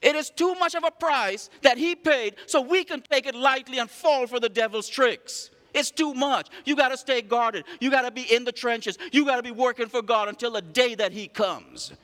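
Man, pastor, sermon, high voice, acts out the scripture, long hall reverb. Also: normal speed, few pauses. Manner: animated preaching, acts out voices of the people in the story.

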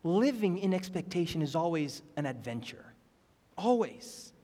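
A man's voice: on the high side, big pitch swings, moderate pace, mellow. A young man preaching a sermon as pastor, emphatic and repeating phrases, asking the congregation questions. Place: church sanctuary. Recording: hall reverb.

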